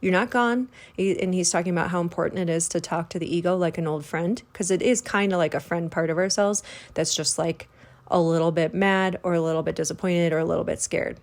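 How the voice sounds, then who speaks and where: A woman's voice: lowish voice, level tone, a little fast. A woman hosting a spiritual podcast, relaying a spirit guide's words in a chatty, earnest, casual monologue with the odd swear word.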